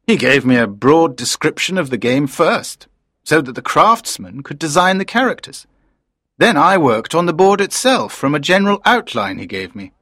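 A man's voice: fairly high pitch, sing-song, moderate pace, sharp tone, dry recording, studio quality, heavily acted. A man voicing a proud, enthusiastic production director in his late fifties, in audiobook character dialogue.

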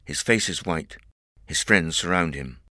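A man reading a story aloud as narrator in a clear, measured way. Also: very deep voice, animated, bright, forceful tone, a little hiss or hum. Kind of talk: scripted audiobook narration.

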